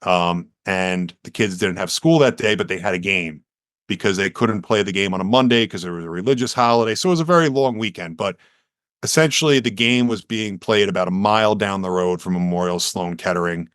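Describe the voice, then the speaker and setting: A man's voice: low voice, fairly quick, dry recording, clean studio sound. A man, telling his story earnestly as a podcast guest and acting out quotes with energy. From United States. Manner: earnest, animated storyteller who acts out quotes.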